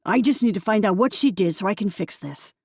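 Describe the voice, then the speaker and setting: A woman's voice: mid-range voice, lively intonation, brisk, slightly rough, dry recording, clean studio sound. A woman voicing an anxious, pleading young man. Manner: earnest, pleading.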